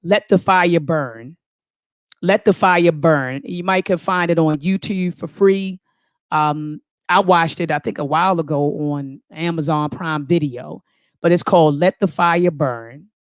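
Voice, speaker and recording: A woman with a low voice hosts a live online talk, speaking a little slowly with fervent, preacher-like conviction and often calling the audience "family". She reads viewer comments aloud, thinking aloud, restarting and repeating phrases, in a studio-quality recording without echo.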